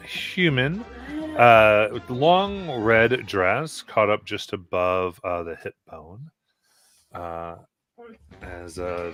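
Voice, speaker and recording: A man narrating as game master of a tabletop game, with halting narration full of fillers. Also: on the low side, a bit bright. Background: music.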